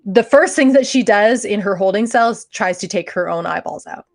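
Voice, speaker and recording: A woman's voice: medium pitch, expressive, moderate pace, vocal fry. A woman co-hosting a podcast, telling a true-crime story in a casual, joking way and laughing often. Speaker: podcast co-host.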